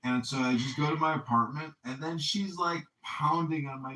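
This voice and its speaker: Rambling, profane man with a bright voice. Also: fairly high pitch, moderate pace, hardly any pauses. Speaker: podcast host. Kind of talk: casual chat. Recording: echoey room, distant mic.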